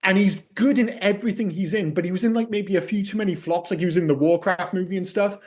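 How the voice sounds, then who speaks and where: Chatty man, slightly high voice. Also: fast talker, a little mellow. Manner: chatty, swears freely, lots of fillers. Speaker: podcast co-host. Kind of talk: casual film chat.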